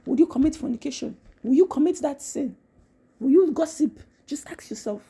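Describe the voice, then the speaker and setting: A woman giving a casual devotional talk, animated, repeating phrases and laughing often. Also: high-pitched, moderate pace. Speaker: Christian content creator.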